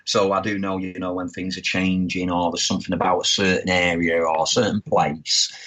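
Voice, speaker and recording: A man's voice: low voice, flat delivery, brisk, a bit bright. A man guest talking casually and rambling a little, his throat sore. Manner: rambling, self-correcting. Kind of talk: casual chat. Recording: dull lo-fi sound.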